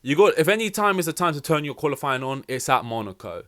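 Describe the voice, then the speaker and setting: Young male podcast host, excitable and rambling, swears a lot, casual race chat. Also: on the high side, fast talker. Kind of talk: casual race reaction commentary.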